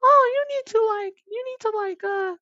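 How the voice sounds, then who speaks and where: A young man mimicking a shrill nagging woman counselor. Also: moderate pace, pushed and bright, no echo, dull audio, heavily acted. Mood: mocking. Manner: shrill mocking falsetto. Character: female college counselor, bossy and nagging.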